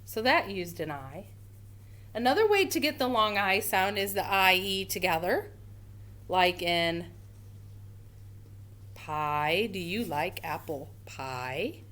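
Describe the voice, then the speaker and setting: A woman teaching a first grade phonics lesson, slowly sounding out words for young children. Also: lowish voice, expressive, a bit bright.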